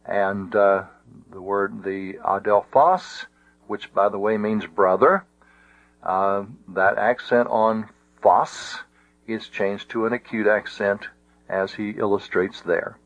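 A man teaching a Greek grammar lesson, speaking deliberately with frequent restarts. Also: on the low side, steady tone. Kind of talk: classroom lecture. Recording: dull lo-fi audio.

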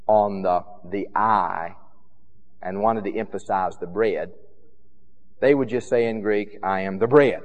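A man preaching a sermon with emphatic, rhythmic repetition, his loudness rising and falling widely. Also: on the low side, long reverb tail.

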